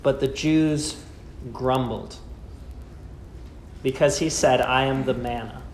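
A man preaching a sermon, asking rhetorical questions and slowing down with dramatic pauses. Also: mid-range voice, fairly even intonation, slight background noise. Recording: echoey room with faint ambience.

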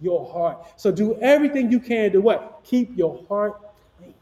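Man, pastor, very high voice, loud projected preaching, call-and-response, stuffy sinuses, echoey church hall with long reverb. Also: sing-song, normal speed, lo-fi sound. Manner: projecting loudly without a microphone, call-and-response questions. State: clogged ears and sinus trouble. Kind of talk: sermon. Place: church sanctuary.

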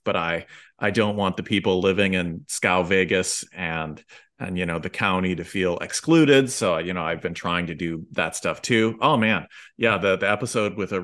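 A man's voice: deep voice, a bit bright. A man from the Midwest hosting a history podcast, speaking thoughtfully in casual conversation with dry asides. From American Midwest. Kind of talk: casual chat.

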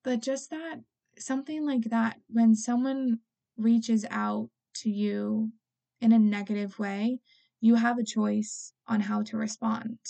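Earnest woman with a gravelly voice. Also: a little high, level tone, slow, dark tone. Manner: rambling, heavy use of "like" and "you know", earnest. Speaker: vlogger with a clothing brand. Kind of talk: casual rambling talk to camera.

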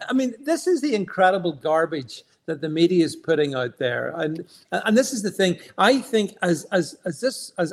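A man co-hosting an online stream, talking emphatically with many stammered restarts. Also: a little high. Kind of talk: casual political chat.

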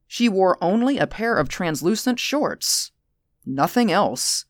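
Low-voiced woman reading a story. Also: no room sound, clean studio sound. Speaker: narrator. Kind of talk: audiobook narration of science fiction.

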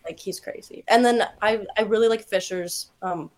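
A woman's voice: medium pitch, moderate pace. A young woman telling a story as a podcast guest, rambling with lots of likes and ums and laughing as she goes. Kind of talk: casual storytelling chat.

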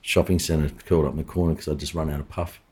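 Deep-voiced Australian man telling stories. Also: level tone, quick pace, darkish tone, slightly rough. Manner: rambling anecdotes with many restarts and fillers. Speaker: chef, podcast guest. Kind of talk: casual interview storytelling.

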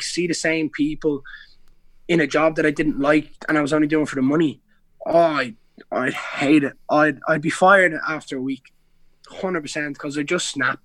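A man's voice: a little high, fairly bright tone, no room sound. A young Irish man in a casual podcast interview, telling stories in a rambling way with many restarts and slang. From Ireland. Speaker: guest, pro MMA fighter.

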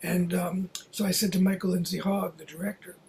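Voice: medium pitch, little pitch movement, fairly quick, gravelly, darkish tone, a little hiss or hum, low-quality recording. An older theater producer telling a long backstage anecdote, chatty, full of fillers and restarts, and acting out what others said. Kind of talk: anecdotal storytelling.

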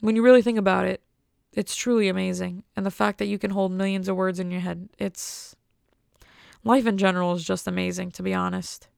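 Gravelly young American woman rambling casually. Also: mid-range voice, flat delivery, fairly quick, darkish tone, no room sound, studio quality. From United States. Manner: rambling, enthusiastic, wry. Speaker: vlogger. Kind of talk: casual monologue.

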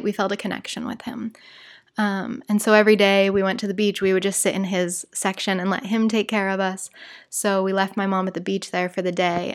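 An American woman hosting a podcast, telling a personal story in a rambling, chatty way, full of "like" and "you guys". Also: mid-range voice. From United States. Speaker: podcast host.

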